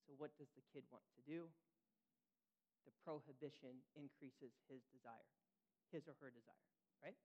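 A man's voice: mid-range voice, steady tone, moderate pace, long pauses, dark tone, highs cut off. A man preaching a sermon in a conversational way, often checking in with listeners. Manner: conversational, asks listeners questions. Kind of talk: sermon teaching.

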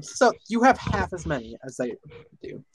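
A man's voice: high voice, very animated, moderate pace, slightly rough, no echo, poor audio. A man from Minnesota chatting earnestly on a voice call, rambling with plenty of restarts. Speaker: chat participant. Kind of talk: casual online voice chat.

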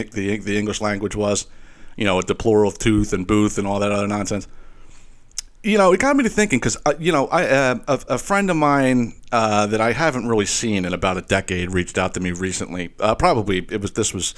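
A man with a slight Philadelphia accent, hosting a podcast in a rambling, animated monologue full of profanity and restarts. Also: fairly low pitch. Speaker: podcast host.

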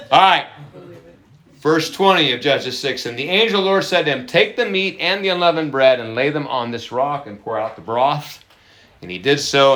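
A man preaching a sermon, lively and chatty with his congregation, slowing down to stress key words and laughing often. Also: medium pitch, reverberant. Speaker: pastor.

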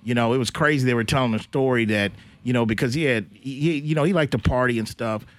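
A man's voice: mid-range voice, fast. A man hosting a sports podcast, telling long rambling stories in a loose, slangy way. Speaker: podcast host. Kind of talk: casual sports chat.

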